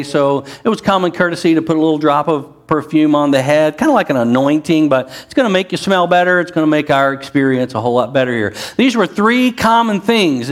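Pastor guy, middle-aged, chatty sermon that swings up high when he pushes a point, slightly higher voice. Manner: conversational preaching with asides and rising emphasis.

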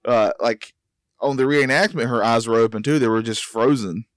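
A man's voice: mid-range voice, normal speed, dry recording, clean studio sound. A man co-hosting a podcast in casual chat, laid-back and chuckling. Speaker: podcast co-host.

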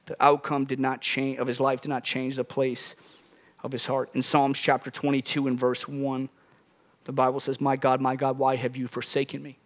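A man's voice: medium pitch, completely flat delivery, moderate pace, no room sound. A man preaching a sermon as pastor, earnest, restarting phrases often and building to emphatic peaks.

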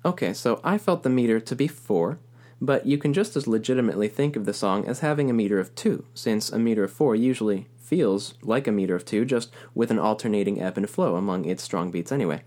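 A man's voice: fairly low pitch, expressive, brisk, a little mellow. A man teaching a recorded music lesson, explaining rhythm patiently and counting beats aloud.

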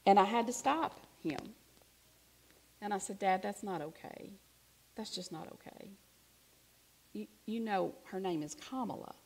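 A woman preaching a sermon, telling a personal story in a conversational way, swinging from hushed to emphatic. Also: medium pitch, measured pace, creaky, long pauses, slightly rough.

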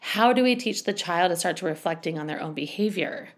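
A woman's voice: fairly low pitch, expressive, brisk. Chatty woman giving parenting advice. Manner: chatty, frequent "you know" and "like". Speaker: parenting podcast host and school educator. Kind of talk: casual advice talk.

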